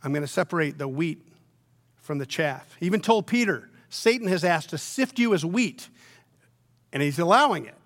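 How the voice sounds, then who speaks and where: Pastor with sweeping loud-soft swings. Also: male voice, fairly high pitch, animated, moderate pace. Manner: dynamic, swings from near-whispers to loud emphatic peaks. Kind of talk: sermon.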